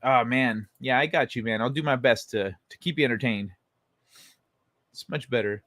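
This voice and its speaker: A man's voice: medium pitch, moderate pace, fairly bright tone, no room sound. A man hosting a casual late-night livestream, reading and answering chat in a laid-back way, swearing freely and chuckling. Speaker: livestream host.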